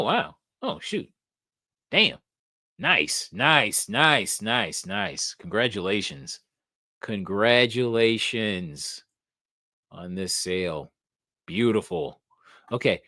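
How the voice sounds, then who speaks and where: A man hosting a casual live stream who talks unhurriedly, his pitch swinging a lot as he thinks aloud. He swears casually and perks up with excitement now and then. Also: no room sound, clean studio sound. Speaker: host of a comic book live show.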